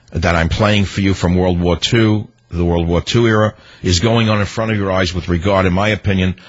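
A man's voice: on the low side, husky. A man hosting a radio talk show, delivering indignant political commentary with rhetorical, hammering repetition. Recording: dull lo-fi radio broadcast.

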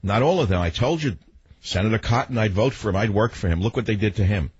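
Ranting talk radio host, husky voice. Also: male voice, fairly low pitch, fast, darkish tone, dry recording, lo-fi sound. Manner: combative, ranting, fires rhetorical questions. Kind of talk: political radio monologue. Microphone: studio microphone.

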